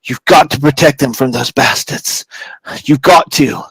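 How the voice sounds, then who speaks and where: A man's voice: medium pitch, unhurried, slightly rough, no room sound, exaggerated voice, low-quality recording. A man voicing a frail male gnome magistrate, desperate and in agony, pleading and strained. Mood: urgent. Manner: strained, pleading, shouting at times.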